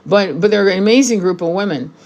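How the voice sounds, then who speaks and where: A woman's voice: medium pitch, fast, darkish tone. A woman in her sixties, a tarot reader and spiritual teacher, talking bluntly and with profanity to camera in a casual monologue, repeating points for emphasis. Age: 60s.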